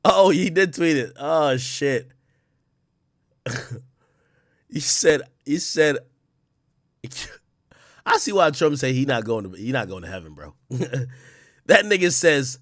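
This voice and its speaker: A man's voice: medium pitch, animated, measured pace, long pauses, no echo, clean studio sound. A man in his thirties giving blunt, profane commentary as he reacts to news clips, laughing often.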